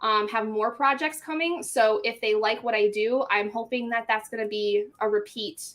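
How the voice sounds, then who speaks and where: A woman who narrates audiobooks chats casually over a video call. She rambles and giggles often, using lots of filler words, and her voice sits a little high. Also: fairly even intonation, moderate pace, fairly bright tone. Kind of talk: casual chat on a group video stream.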